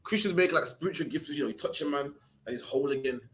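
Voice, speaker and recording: A young man with a Birmingham accent talks fast as he teaches a scripture class, his voice sitting a bit high for a man. He is streetwise and conversational and keeps tagging phrases with "man". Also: fairly bright tone. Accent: Birmingham English.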